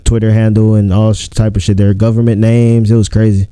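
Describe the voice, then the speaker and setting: A man co-hosting a podcast in casual chat, blunt and crude with quick quips. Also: fairly low pitch, flat delivery, mellow, clean tone, dry recording. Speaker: podcast co-host.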